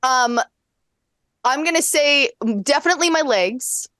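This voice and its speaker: A woman playing a tabletop game, animated and laughing as she searches for words. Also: sits high, a little slow, dry recording, studio quality. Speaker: player. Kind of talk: tabletop role-play.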